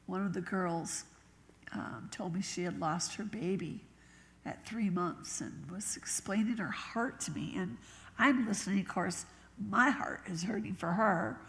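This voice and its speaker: A woman bishop preaching a sermon in a conversational, storytelling way, slowing down and dropping to a whisper when she acts out what people said. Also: medium pitch, fairly bright tone. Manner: laughs easily, talks slowly. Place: church sanctuary. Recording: long reverb of a church hall.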